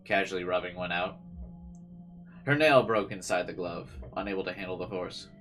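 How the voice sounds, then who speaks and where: A man's voice: sits low, moderate pace, fairly bright tone, faint music behind. A man hosting a let's play, reading a visual novel's narration aloud and breaking in with dry joking asides.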